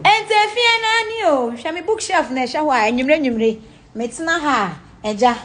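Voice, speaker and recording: With a high, expressive and slightly bright voice at a moderate pace, a young celebrity with a Ghanaian accent tours her home for the camera. She speaks casually and animatedly, bluntly and with swearing, in a blend of Pidgin and Twi.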